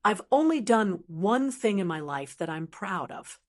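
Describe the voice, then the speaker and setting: A boastful male martial arts master from an audiobook, blustering and scolding loudly, as a woman puts him on. His voice leaps high when he is flustered, and he sounds proud of himself. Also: very animated, a little slow. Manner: loud scolding, embarrassed bluster.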